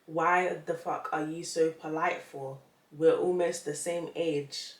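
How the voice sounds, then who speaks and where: Young female vlogger, casual and incredulous, laughs a lot; roomy sound, mic set back. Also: lowish voice. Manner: laughs often, animated and incredulous. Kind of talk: casual reading of online posts. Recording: echoey room, mic at a distance.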